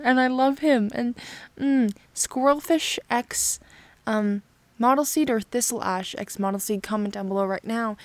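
A woman's voice: a little high, a little slow, no room sound. A woman hosting her own channel, chatting casually and gushing sentimentally about fan art, often sighing. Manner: gushing and sentimental, with frequent sighs. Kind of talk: casual chat.

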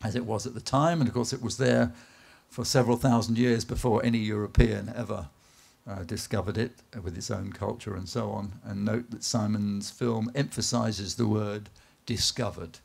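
A man from England with a lowish, gravelly voice gives a live slide talk. He tells it as loose anecdotes, unhurried, with plenty of "uh"s, and now and then his voice falls quiet. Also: steady tone. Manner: unhurried, anecdotal, with filler "uh"s and dips to a soft voice. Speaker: speaker at an art event. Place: event space in a garden venue.

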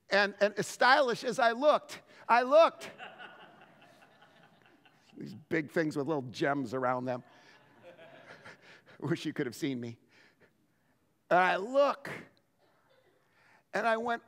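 A man preaching a sermon as pastor, telling stories in an animated way and often restarting his words. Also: very high-pitched, takes it slowly, pauses often, in a large hall. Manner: animated storytelling with frequent word restarts.

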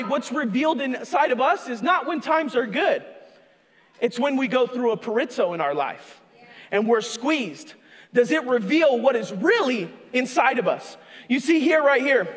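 A man preaching a sermon as a pastor, animated, acting out a tempter's voice and shouting for emphasis. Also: very high voice. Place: church sanctuary. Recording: long echo of a church hall.

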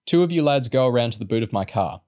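A man voicing a calm, practical middle-aged vet who gives orders briskly and reassures kindly. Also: mid-range voice, lightly acted.

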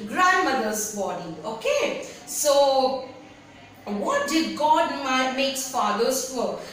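A woman teaching a story lesson to students, patient and repetitive, pausing to have them underline words. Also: high-pitched, very animated, fairly bright tone, recorded from a distance. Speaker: English teacher. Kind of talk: online class lesson explaining a story. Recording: very echoey room, away from mic, faint noise.

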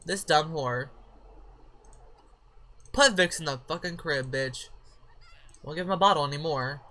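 A woman hosts her own let's-play, rambling at the game in a relaxed, casual way. Her voice has a bright, forceful edge. She curses freely and now and then breaks into excited shrieks. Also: sits low, a little slow. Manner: chatty, profane, with sudden shrieks of surprise. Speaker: gaming channel host.

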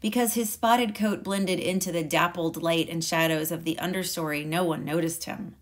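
Woman, teacher, storybook read-aloud, calm and measured, lowish voice. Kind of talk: reading a picture book aloud.

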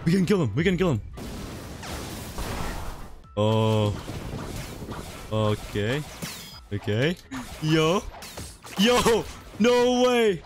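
A young man giving casual commentary over his own gameplay, excitable and laughing, repeating short phrases. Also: mid-range voice, very slow, pauses often, music in the background. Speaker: gaming youtuber.

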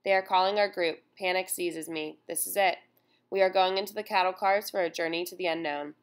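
A woman reading a first-person memoir aloud in a solemn, measured way. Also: fairly low pitch, steady tone. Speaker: audiobook narrator.

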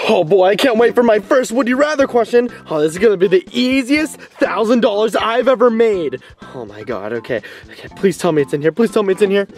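Give me a bratty young prince who whines and complains, played by a young man. His pitch swings all over the place as he grumbles. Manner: whiny, animated, complaining. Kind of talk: fan puppet video acting.

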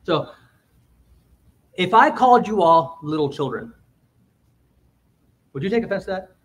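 A man's voice: sits high, expressive, measured pace, distant mic. A male pastor giving an explanatory sermon in a church, restarting phrases and putting questions to his congregation. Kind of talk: expository sermon. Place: church sanctuary.

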